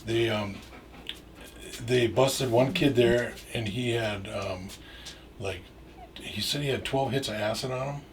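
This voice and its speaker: A man's voice: mid-range voice, a little slow, long pauses. A middle-aged man from Minnesota telling a long, rambling story with many fillers and restarts and some swearing. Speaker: storyteller guest. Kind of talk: casual anecdote. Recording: distant mic with faint noise.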